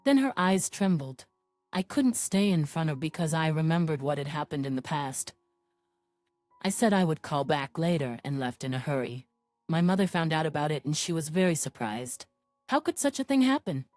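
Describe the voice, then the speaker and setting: A woman narrating a first-person story in an even, measured scripted reading. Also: low-pitched, dry recording, faint music behind.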